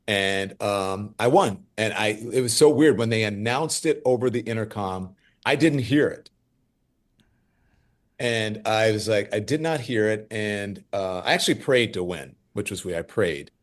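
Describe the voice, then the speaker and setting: A man in his fifties from Louisiana, a guest journalist telling lively stories in an interview and acting out what others said. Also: lowish voice, a little slow. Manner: animated, lively storyteller who acts out quoted voices. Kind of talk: conversational interview storytelling.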